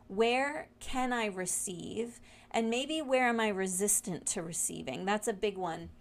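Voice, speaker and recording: A woman giving a casual, reflective weekly oracle card reading, speaking gently and wandering through her thoughts with frequent fillers and restarts. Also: medium pitch. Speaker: spiritual guide reading weekly oracle cards.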